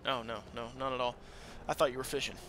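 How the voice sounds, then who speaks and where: A man hosting a let's play with casual, crude commentary, swinging between loud excitement and quiet asides. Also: mid-range voice, quick pace, slight background noise. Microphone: desk microphone that peaks. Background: game audio.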